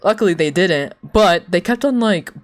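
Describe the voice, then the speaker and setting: A young adult livestreamer telling a long story to chat in a loose, casual way, full of "like", swearing and laughter, with quoted people acted out in sudden jumps of pitch. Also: animated, moderate pace, faint music behind. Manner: rambling, heavy use of "like", swears, laughs between lines.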